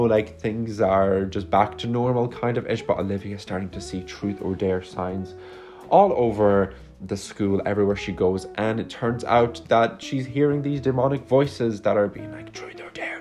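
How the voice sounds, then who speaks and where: A man with a fairly low voice rambles through a casual movie review, dry and sarcastic, recorded on a phone mic indoors. Faint music plays underneath. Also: moderate pace, darkish tone. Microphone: phone microphone.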